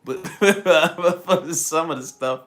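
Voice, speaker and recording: A man's voice: fairly high pitch, very slow, a bit bright. A man from the American South with a Southern accent, giving a live motivational talk, repeating key lines for emphasis and laughing often. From Southern United States. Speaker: motivational spiritual speaker.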